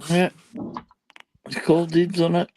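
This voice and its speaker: A man's voice: a little high, monotone, a little slow, warm tone, a little hiss or hum. A man chatting casually with friends in a teasing, laid-back way. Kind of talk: casual chat.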